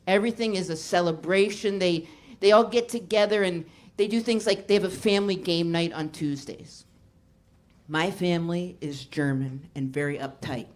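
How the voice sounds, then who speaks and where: A woman doing a stand-up set on a comedy club stage, telling stories in a deadpan way and jumping into quick voices for her family. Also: lowish voice. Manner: deadpan storytelling, acting out her dad and mom in quick voices. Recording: live club recording, crowd laughter and noise. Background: audience laughter.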